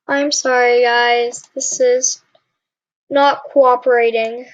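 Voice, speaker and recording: Young woman, gaming commentary, high voice, very slow talk, dull lo-fi sound, keyboard clicks behind. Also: a little hiss or hum. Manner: frustrated, apologetic, talks to viewers. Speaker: gaming channel host. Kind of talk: casual gameplay commentary.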